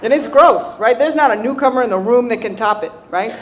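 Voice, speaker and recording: A woman's voice: on the high side, a little fast, noisy background. Southern woman telling her recovery story. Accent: Southern American. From Southern United States. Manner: conversational, keeps checking in with "right?"; self-mocking humor. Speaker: recovery speaker. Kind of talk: personal story told to an audience.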